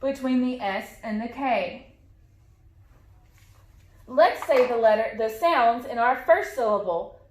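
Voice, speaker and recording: A woman's voice: on the high side, slow, pauses often, reverberant, slight background noise. A woman teaching a phonics lesson to young children, patiently modeling sounds and words.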